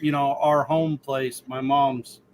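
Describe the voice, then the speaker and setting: A man's voice: mid-range voice, level tone, slow, a little mellow, slight background noise, poor audio. A man in a casual group chat, rambling with many fillers.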